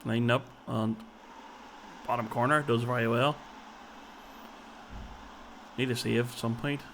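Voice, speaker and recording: Casting: man, mid-pitched, chatty let's-play commentary, thinking out loud. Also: fairly even intonation, takes it slowly, gravelly, slight background noise. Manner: chatty, thinks aloud, tags lines with "so it did" and "like". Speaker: video game player and commentator. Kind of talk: casual gaming commentary.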